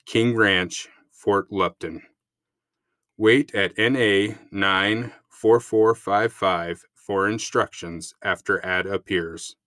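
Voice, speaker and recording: A man voicing a menacing kidnapper, reading ransom demands in a slow, cold, deliberate way. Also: fairly low pitch, pushed and bright, no echo, studio quality. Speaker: guest voice reading a ransom letter. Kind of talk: dramatic letter reading.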